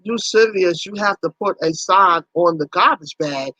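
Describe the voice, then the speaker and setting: Animated woman on a casual livestream. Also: lowish voice, moderate pace, hardly any pauses, dry recording, dull audio. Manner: animated, exclaiming, teasing viewers by name. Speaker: livestream host.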